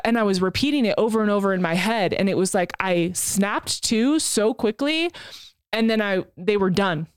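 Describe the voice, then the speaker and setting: A woman's voice: medium pitch, moderate pace, clear, resonant tone, dry recording, studio quality. A woman in her thirties telling a personal story as a podcast co-host, frank and emotional, swearing casually.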